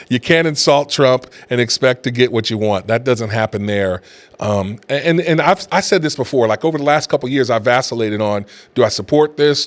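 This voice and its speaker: Middle-aged guy doing an opinion show, chatty, mid voice, restarts a lot. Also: mid-range voice. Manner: conversational, animated when riled up. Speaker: talk show host. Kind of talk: opinion commentary.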